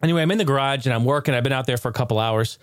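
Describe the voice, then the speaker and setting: Chatty, laughing podcast host, dry close mic. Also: male voice, mid-range voice, racing, clear, resonant tone, no room sound. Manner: loose, rambling, laughs a lot, mimics shouting neighbor. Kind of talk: casual solo podcast storytelling.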